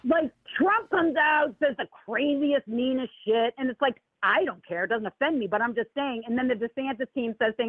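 A woman calling in to a show and chatting casually about politics, animated and swooping high when she mocks people. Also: brisk, few pauses, no room sound. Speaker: caller. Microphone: phone call. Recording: tinny phone line, dry.

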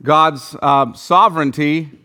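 A man's voice: on the high side, slow pace, bright, forceful tone. Man teaching a Bible class. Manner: thinking aloud, many ums and restarts, quizzing the group. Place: room with a group of listeners.

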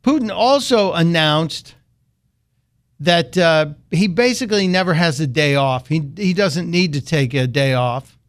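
A man's voice: a little high, unhurried. A man hosting a political talk radio show, delivering a sarcastic, mocking monologue.

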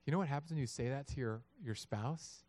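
Animated man preaching a sermon. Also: medium pitch, fairly quick, dry recording. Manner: animated, acts out voices of God and people. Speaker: pastor.

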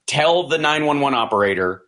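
A man's voice: on the high side, normal speed. A man in casual discussion, retelling events with many restarts and acted-out quotes. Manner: animated retelling, acting out quoted dialogue; frequent restarts and fillers. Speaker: commentator.

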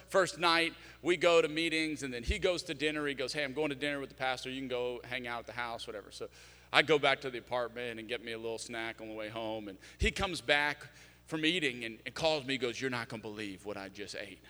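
A man preaching a sermon, telling a comic story with lively, animated delivery. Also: medium pitch, big-room sound. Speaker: pastor. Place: large church hall.

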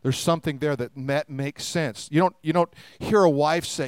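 Guy pastor preaching, high clear voice, jokey, does little voices, dry sound. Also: moderate pace, hardly any pauses, no room sound. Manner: humorous, acts out quoted voices. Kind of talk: sermon.

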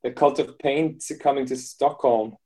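A man's voice: mid-range voice, fairly even intonation, a little slow, dark tone. A man co-hosting a casual hobby podcast, joking around, swearing casually and laughing often. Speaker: podcast co-host.

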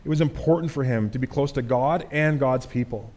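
A man preaching a sermon in a relaxed, conversational way, dropping in casual fillers. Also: mid-range voice, a little fast. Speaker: pastor.

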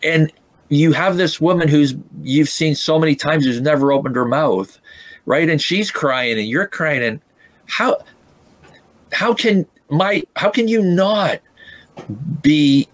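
A man's voice: a little high, expressive, no echo. Emotional man telling a story, dry sound. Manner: emotional, halting, many restarts. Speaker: guest. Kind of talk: storytelling in a podcast interview.

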